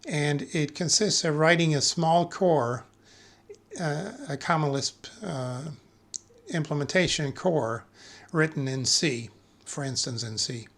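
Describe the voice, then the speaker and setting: Man giving a measured technical lecture. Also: on the high side, fairly bright tone. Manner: measured, with frequent filler pauses and self-corrections. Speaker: conference speaker.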